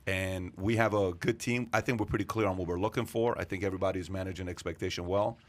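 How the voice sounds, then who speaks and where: A man's voice: low-pitched, fairly even intonation, fast. A man with a foreign accent hosting a podcast, talking directly and conversationally. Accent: foreign, non-native English. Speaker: host.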